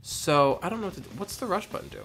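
A let's play host talks fast through a video game, rambling on tangents and swearing freely in a playful, self-mocking way as casual gameplay commentary. His pitch swings widely and lively, with faint game music underneath.

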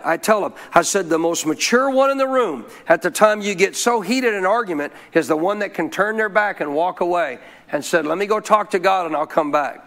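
A man's voice: high voice, fairly bright tone. A man preaching a sermon, asking his listeners questions and having them repeat phrases after him. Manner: preaching with call-and-response questions. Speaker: pastor.

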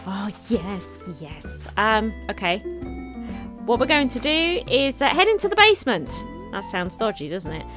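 A woman giving chatty, excitable commentary on her game, thanking viewers as she opens gifts. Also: a little high, unhurried. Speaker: gaming YouTuber. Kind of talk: casual gameplay commentary. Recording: faint background game music.

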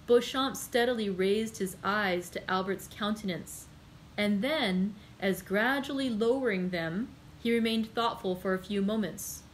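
A woman's voice: mid-range voice, a little slow, slight background noise, poor audio. Woman reading a classic novel aloud.

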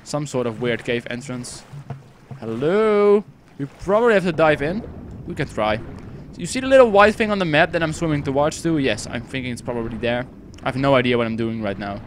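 An eighteen-year-old man with a Dutch accent doing let's play commentary, excitable and rambling, swearing a lot. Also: medium pitch, brisk, slight background noise. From Netherlands. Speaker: gaming YouTuber.

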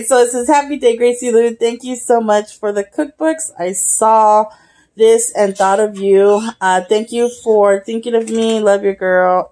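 A young woman vlogging casually while unboxing a gift, excitable and gushing, often breaking into giggles. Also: mid-range voice. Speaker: YouTube vlogger. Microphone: camera, face not shown.

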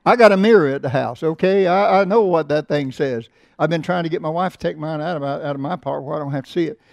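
A man's voice: vocal fry, no echo. Emphatic preacher man. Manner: emphatic preaching, swings loud and slow on scripture, drops low for asides. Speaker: pastor. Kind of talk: sermon. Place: church sanctuary.

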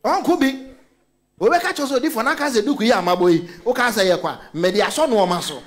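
A Ghanaian man preaching a sermon, switching between Twi and English and telling animated stories with frequent calls of hallelujah. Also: very high voice, fast talker. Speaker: pastor.

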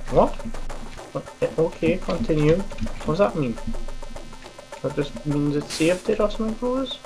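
A woman's voice: sits low, poor audio. A woman reviewing a game, rambling and swearing at it as she plays. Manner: mutters and swears at the game, self-deprecating. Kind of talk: rambling gameplay commentary.

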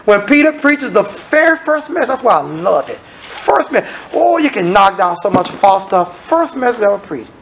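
A man's voice: high-pitched, moderate pace, gravelly, hardly any pauses, noisy background. A man preaching an evening church sermon, acting out quoted voices. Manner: animated, acts out quoted voices. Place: church sanctuary.

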